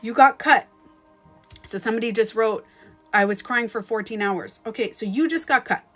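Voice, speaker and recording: Woman coach on a live stream, kinda high voice, super emphatic, swears a bit, faint music behind. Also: normal speed, fairly bright tone. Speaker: relationship coach. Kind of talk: live-stream advice talk.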